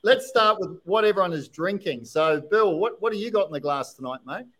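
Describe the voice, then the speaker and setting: An Australian man with a fairly high voice hosts a casual podcast chat. He is excitable and quick to laugh, and he often trips over his words and restarts. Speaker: podcast host.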